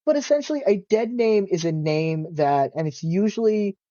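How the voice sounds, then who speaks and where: Rambling young man, mellow and muffled. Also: sits high, very animated, normal speed, no room sound. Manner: rambling, many fillers and self-corrections; open and emotional, laughs often. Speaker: guest. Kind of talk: casual interview. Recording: dull, muffled lo-fi recording.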